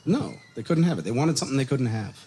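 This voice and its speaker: A man teaching a casual Bible study on a microphone, animated and storytelling. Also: mid-range voice, fast, slight background noise. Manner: animated storytelling, acts out quotes, chuckles. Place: congregation meeting room. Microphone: microphone on a PA system.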